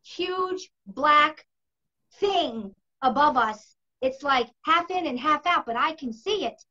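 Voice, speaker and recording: A woman's voice: sits high, expressive, moderate pace, sharp tone. A woman in her fifties hosting a talk, telling her own story vividly and with emphasis. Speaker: host. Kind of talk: casual storytelling in a conversation. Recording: dull lo-fi recording.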